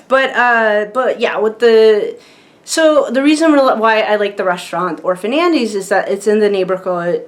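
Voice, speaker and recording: A woman vlogger chatting casually to camera, rambling with lots of fillers and frequent laughs. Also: medium pitch.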